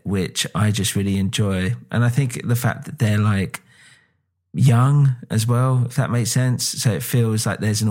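A man's voice: fairly low pitch, darkish tone. Rambling British guy on a podcast. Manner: rambling, hesitant, lots of fillers and swearing. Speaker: podcast co-host. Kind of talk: casual chat.

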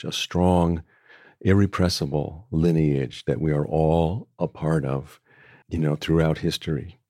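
An older man, a book author talking as a guest, speaking in a thoughtful, measured way with frequent restarts. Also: sits low, mellow, no echo, clean studio sound. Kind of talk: reflective conversation.

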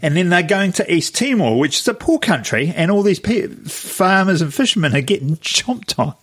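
A man's voice: high-pitched, big pitch swings, normal speed, slightly rough. A man, co-hosting a podcast in casual chat, laid-back as he brings up news stories. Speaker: podcast co-host.

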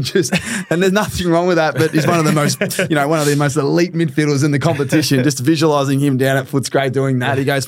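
A man's voice: on the high side, little pitch movement, fast talker, no room sound, clean studio sound. An Australian man hosting a casual sports chat, asking playful questions and laughing easily. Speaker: podcast host.

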